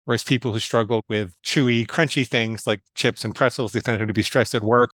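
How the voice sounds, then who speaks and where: A man's voice: medium pitch, fairly even intonation, brisk, a bit bright, no echo. A man, a psychologist guest, telling a personal story in an interview in a candid, self-deprecating way, acting out the voices in his head.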